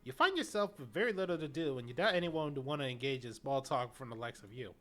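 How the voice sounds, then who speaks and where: A woman's voice: very deep voice, expressive, fast talker, a bit bright. A woman streamer reading a video game's story aloud in a casual way. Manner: casual, reads story text then chats. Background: faint game music.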